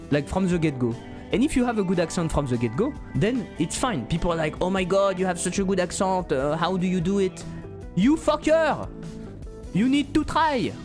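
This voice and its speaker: A man's voice: mid-range voice, a little mellow. A man streaming his game development, chatting casually and joking around with playful swearing. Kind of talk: casual livestream chat while coding.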